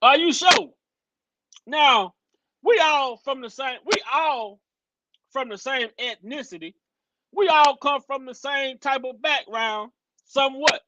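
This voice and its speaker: A man hosting a casual opinion livestream, animated and profane, mocking people as he talks. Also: extremely high pitch, takes it slowly, long pauses, no room sound, lo-fi sound. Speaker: livestream host. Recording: loud background noise.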